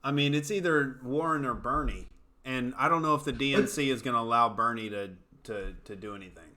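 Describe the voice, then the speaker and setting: A man's voice: medium pitch, fairly quick, pushed and bright. A man hosting a comedy commentary show, talking in a brash, profane, joking way. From United States. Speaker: comedian host. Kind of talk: casual commentary show chat.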